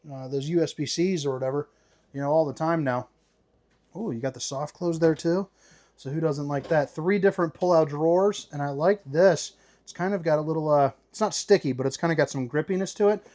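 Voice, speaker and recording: A man's voice: fairly high pitch, a little mellow. A man hosting a casual walkthrough tour inside a travel trailer, upbeat and playful with slangy asides. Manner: upbeat, playful, slangy, calls viewers baby. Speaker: RV tour host.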